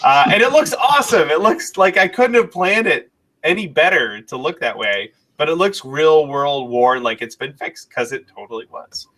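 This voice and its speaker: A man's voice: on the high side, animated, moderate pace, a bit bright. A man co-hosting a live stream, reading questions and telling a chatty story with chuckles.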